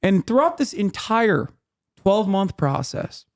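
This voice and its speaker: A man in his thirties on a livestream, talking things through in a heated, cursing rush full of fillers and restarts. His voice sits a bit higher than most men's. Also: sing-song, unhurried. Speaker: streamer host. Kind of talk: casual livestream explainer.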